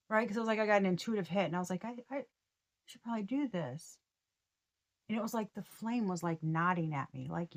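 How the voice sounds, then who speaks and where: A woman giving a casual tarot reading, excitable and slangy, often breaking off mid-sentence to start over. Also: medium pitch. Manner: slangy and profane. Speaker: tarot reader.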